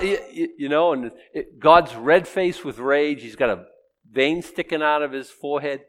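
A man's voice: mid-range voice, a bit bright. A man teaching a Bible sermon in a chatty way, asking and answering his own questions and acting out the quoted lines. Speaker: preacher.

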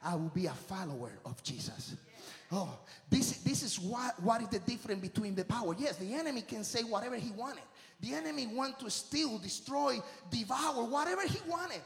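Man preaching, high voice, gravelly, slow, non-native english, swings from hushed to shouting, echoey hall. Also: expressive. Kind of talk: sermon.

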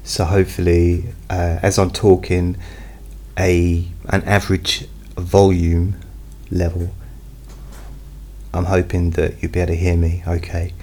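A man who hosts hypnosis recordings, chatting in a slow, meandering way with many fillers. He is speaking at home into a studio microphone behind a pop filter. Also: sits low, little pitch movement, darkish tone. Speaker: hypnotist host. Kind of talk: casual personal update. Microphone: studio mic with pop filter, not close.

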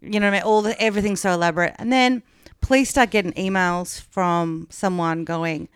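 A woman's voice: lowish voice, fairly even intonation, fairly quick, clear, resonant tone, dry recording, clean studio sound. An Australian woman on a podcast, casually retelling a true-crime story in a frank, chatty way with plenty of fillers. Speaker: podcast co-host.

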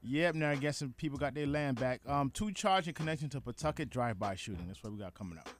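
A man's voice: mid-range voice, fast talker, a little hiss or hum. A man co-hosting a morning radio show, reading news and weather and joking in casual chat.

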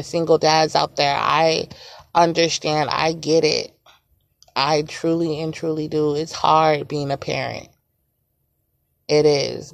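A woman in her twenties gives an emotional motivational monologue to viewers, earnest and repetitive, often soft and quiet. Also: deep voice, gravelly, dry recording, studio quality. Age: 20s. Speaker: vlogger.

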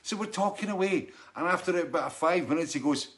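A man's voice: on the high side, brisk, a bit bright. Guy rambling on his live show, laughing a lot, greeting viewers by name. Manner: rambling, laughs often, many restarts. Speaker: host of a live online show. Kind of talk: casual chat reading out viewer names.

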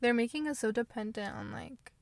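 A woman's voice: a little high, a little fast, creaky, dry recording. A young woman co-hosting a podcast, joking bluntly with profane asides. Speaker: podcast co-host. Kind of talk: casual chat.

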